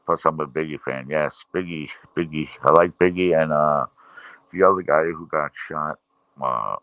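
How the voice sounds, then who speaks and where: Very deep-voiced man chatting on a livestream. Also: normal speed, clean tone, dry recording, phone-quality sound. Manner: rambling, frustrated, many fillers. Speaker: livestream host. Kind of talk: casual live chat reading viewer comments.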